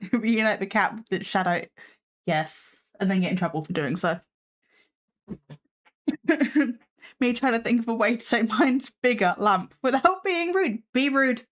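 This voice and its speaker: A live stream host chats from her desk at home, her voice sitting a little high for a woman. She talks loosely to her viewers and her cat, breaking into dry, self-mocking sarcasm. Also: animated, a little slow, long pauses. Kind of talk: casual live stream chat.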